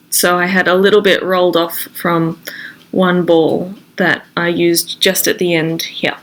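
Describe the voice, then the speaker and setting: A woman's voice: lowish voice, level tone, unhurried, a bit bright. Stuffy-nosed woman with a cold, chatty knitting podcast host. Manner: chatty, showing her knitting to camera. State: congested from a cold. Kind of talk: casual chat.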